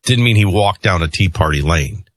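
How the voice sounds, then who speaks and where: A middle-aged man hosting a show, rambling between personal stories and opinion rants in an animated way. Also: low voice, normal speed, no echo. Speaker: host. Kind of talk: opinion monologue with storytelling.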